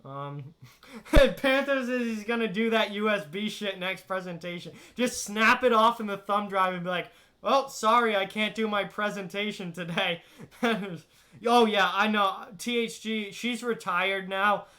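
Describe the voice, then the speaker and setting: Young male streamer, high, bright voice, casual animated storyteller reading chat. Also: a little slow. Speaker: live stream host.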